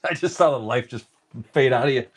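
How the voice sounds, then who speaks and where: A man's voice: medium pitch, brisk. A middle-aged man hosting a casual live stream. He jokes, laughs often, swears freely and rattles off card names while opening packs.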